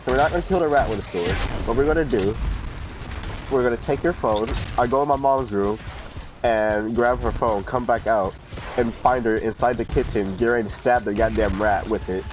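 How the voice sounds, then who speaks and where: A young man in the middle of a game spins a long, rambling story, full of swearing and likes and ums. His voice sits at an ordinary middle pitch, and a steady hiss of noise runs under the voice chat. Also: brisk. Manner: profane, rambling, full of fillers. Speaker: gamer telling a story. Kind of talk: casual storytelling during gameplay.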